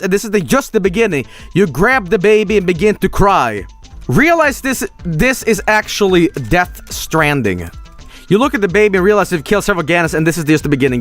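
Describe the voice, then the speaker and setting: Male streamer, high and animated, reading game text aloud with a foul mouth. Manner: animated, swearing, breaking into laughter.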